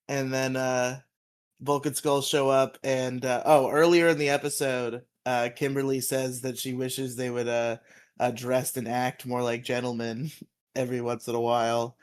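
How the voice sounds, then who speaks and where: A man in the middle of a casual podcast recap, his voice sitting at an ordinary middle pitch. He talks loosely, laughs a lot and breaks into hummed theme tunes between plot points. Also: flat delivery, measured pace, clear, resonant tone. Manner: laughs often, hums theme tunes, chatty. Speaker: podcast co-host.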